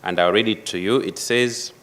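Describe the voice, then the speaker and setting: A man giving a formal prepared speech at a conference, measured and emphatic, repeating key phrases. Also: fairly low pitch, a bit bright. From Malawi. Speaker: conference speaker. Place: conference hall.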